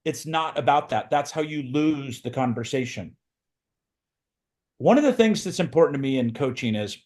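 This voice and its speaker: Speaking in a higher-pitched voice, a man coaching real estate recruiters gives a forceful motivational training talk, underlining his points by repeating phrases.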